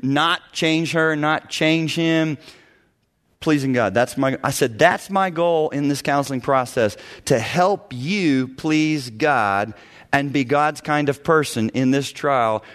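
A middle-aged man, a pastor and counselor, preaching a sermon with animated storytelling and quick impressions of the people he describes. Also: medium pitch.

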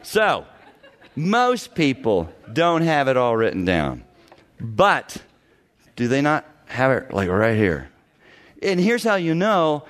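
A middle-aged man, a pastor and counselor, preaching a sermon with animated storytelling and quick impressions of the people he describes. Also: medium pitch.

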